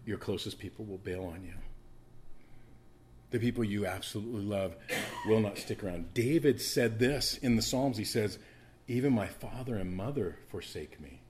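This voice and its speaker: At a normal speed, a lowish-voiced man preaches, moving from loud emphatic stretches into quiet, hushed asides. For emphasis, he restarts phrases and repeats words.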